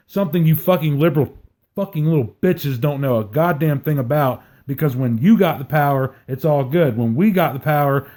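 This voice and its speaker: Profane ranting man, raised pitch. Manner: profane, shouting rants. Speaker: podcast co-host. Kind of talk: angry political rant.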